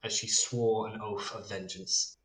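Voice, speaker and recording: A man's voice: on the low side, a little slow, reverberant, rough recording. Easygoing male dungeon master. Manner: relaxed, hesitant narration with many fillers. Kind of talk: narrating a tabletop game.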